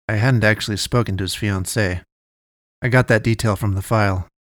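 A man narrating a first-person story in a measured, even way. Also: fairly low pitch, no room sound, clean studio sound.

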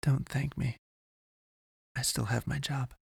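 A woman's voice: a bass voice, fairly even intonation, takes it slowly, gravelly, breathy edge, dry recording, clean studio sound, pitched above the performer's own voice, full character voice. A man voicing stern young heroine Avery. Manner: curt and stern, grudgingly concerned. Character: stern guarded young woman, a superhero-like courier.

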